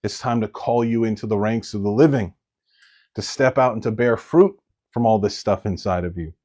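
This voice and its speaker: A man's voice: on the low side, normal speed, a little mellow. A man preaching a sermon as a pastor, in a blunt, conversational way with coarse words.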